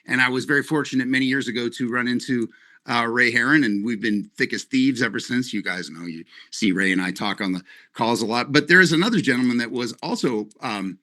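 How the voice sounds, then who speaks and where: A man from Canada leading his company's webinar, talking in a rambling, animated, joking way. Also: medium pitch, brisk. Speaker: company leader. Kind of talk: live webinar presentation.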